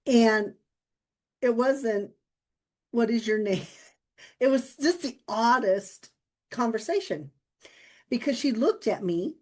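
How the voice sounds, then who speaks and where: A woman co-hosting a podcast, telling personal stories in a relaxed, reflective way and laughing often. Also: a little high, slow, pauses often. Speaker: podcast co-host. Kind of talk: casual conversation.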